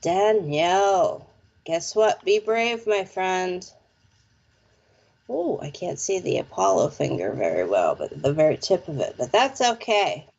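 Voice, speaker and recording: A woman's voice: fairly low pitch, big pitch swings, a little slow, creaky, darkish tone, muffled recording. A woman presenter doing psychic readings, chatting casually with viewers on a live stream and often checking in with "okay?". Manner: chatty, lots of fillers like "okay?" and "like". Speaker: psychic reader and show presenter.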